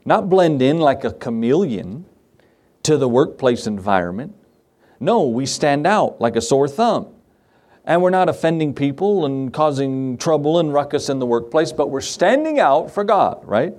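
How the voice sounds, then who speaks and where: A man's voice: on the high side, sing-song, a little slow, a little mellow. A man pastor delivering a sermon, emphatic, posing questions and answering them himself. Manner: emphatic, asks and answers his own questions.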